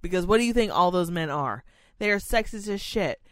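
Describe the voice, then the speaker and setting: A woman in casual chat, telling animated, profane stories. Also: fairly low pitch, brisk, no echo, clean studio sound.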